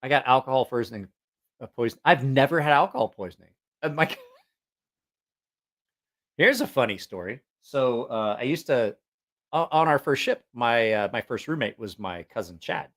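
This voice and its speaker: A man's voice: medium pitch, animated, moderate pace, pauses often, a bit bright. Rambling, chatty man telling stories. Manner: rambling and chatty, with frequent fillers and restarts; frank, self-mocking humor. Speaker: vlogger. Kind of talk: casual storytelling monologue.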